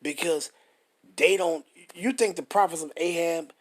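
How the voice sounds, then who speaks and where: A man reading scripture aloud and commenting on it, profane and combative, slowing down to stress the verses. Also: fairly high pitch. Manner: profane and combative, reads verses slowly and forcefully.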